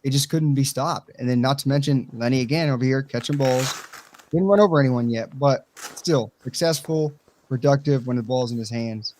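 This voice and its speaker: A man's voice: medium pitch, moderate pace, darkish tone, a little hiss or hum. A man with a country accent co-hosting a casual sports talk show, blunt and swearing freely as he tells stories. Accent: Southern US country. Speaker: co-host.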